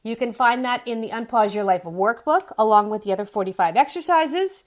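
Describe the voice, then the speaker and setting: Upbeat woman coach, fairly high voice. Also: expressive, fairly quick. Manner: upbeat, emphatic, acts out quoted worries. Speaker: addictions coach. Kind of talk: motivational self-help talk.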